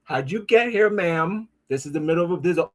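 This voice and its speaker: On the high side and a little fast, an animated man hosts a casual pop-culture podcast. He rambles profanely with plenty of restarts and asides, and his easy frustration shows as he snaps back at his devices.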